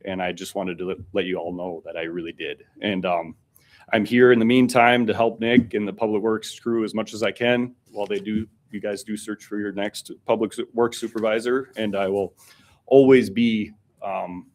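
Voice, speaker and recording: Low-voiced earnest man at public comment. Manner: earnest, a little choked up. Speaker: former public works supervisor speaking at public comment. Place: city council chamber.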